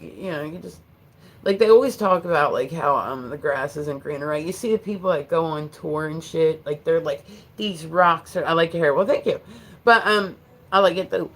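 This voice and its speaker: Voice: mid-range voice, a little hiss or hum. A streamer with a New Jersey accent talks loosely to a live audience from a home setup. The talk wanders, full of fillers and restarts, and breaks into easy laughs. The voice sits in an everyday middle register. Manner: rambling, filler-heavy, quick to laugh. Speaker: livestream host. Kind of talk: casual live-stream chat.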